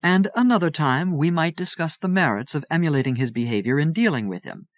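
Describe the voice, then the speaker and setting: A man reading the part of a calm, wise aunt in a crisp, pleasant, measured voice. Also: a little high, dry recording, dull audio. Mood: calm, reassuring.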